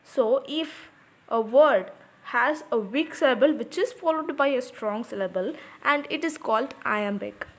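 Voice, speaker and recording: A high-pitched, animated woman teaches poetry without hurrying, patiently explaining and repeating sample words aloud. Her English uses non-native grammar.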